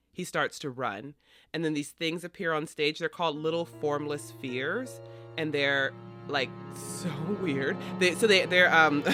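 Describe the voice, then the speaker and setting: A man co-hosting a podcast, casually retelling a stage play and acting out the characters' lines. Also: a little high. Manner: animated storyteller acting out lines. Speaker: podcast co-host.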